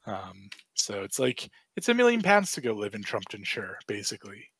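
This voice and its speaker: A man's voice: on the low side, wildly swooping pitch, moderate pace, fairly bright tone, husky, dry recording. A young man in a casual podcast discussion, earnest and self-deprecating, telling jokes. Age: young adult.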